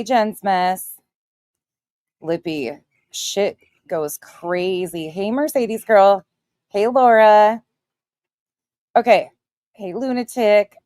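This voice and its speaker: A woman's voice: mid-range voice, a little mellow, no echo, studio quality. A woman in her forties hosting a casual livestream, greeting viewers one by one by their chat names and speaking bluntly with plenty of swearing. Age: 40s. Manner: blunt, profane and defiant. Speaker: livestream host.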